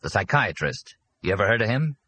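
A man's voice: on the low side, big pitch swings, brisk, sharp tone, slightly rough, no room sound, voice pushed up, full character voice. A man reading an audiobook, voicing a brash, pushy middle-aged union boss who talks bluntly and boasts. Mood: prying. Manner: blunt, boastful, jumpy and eager to please. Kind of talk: audiobook character voice.

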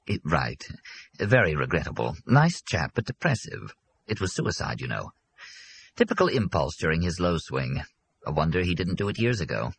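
A man's voice: low-pitched, sing-song, fairly bright tone, slightly rough, heavily acted. A man reading as a smug lecturing psychiatrist. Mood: measured. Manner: measured, lecturing. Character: smooth, self-satisfied middle-aged male psychiatrist.

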